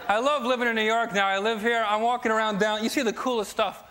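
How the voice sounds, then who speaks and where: A young man from New Jersey doing a stand-up set on a late-night TV show, with punchy, energetic joke delivery and loud asides. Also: high voice, fast talker, hardly any pauses, crowd noise, noisy background. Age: young adult. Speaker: stand-up comedian. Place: TV studio stage before a live audience. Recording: live TV studio with loud audience laughter.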